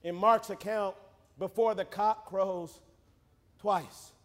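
A man preaching a sermon in a church, shifting between fast joking asides and loud shouted climaxes. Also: high-pitched, fairly even intonation. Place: church sanctuary. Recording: reverberant church hall.

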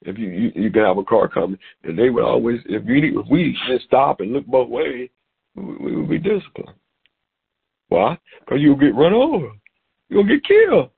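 A middle-aged man preaching a sermon over a phone call, animated and repeating words as he goes. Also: mid-range voice, fairly quick, gravelly, husky. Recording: tinny phone-line sound.

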